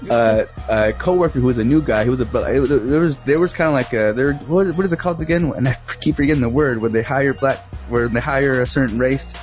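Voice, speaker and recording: A man's voice: medium pitch, quick pace, hardly any pauses, a little mellow, faint music behind. A man chatting casually, rambling through a profane story and laughing often. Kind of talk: casual chat.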